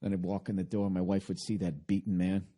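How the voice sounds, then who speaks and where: A man's voice: sits low, flat delivery, fast, dark tone, slightly rough. A man hosting a podcast, delivering a rambling, sarcastic comedic rant full of swearing. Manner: sarcastic, self-mocking. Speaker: podcast host.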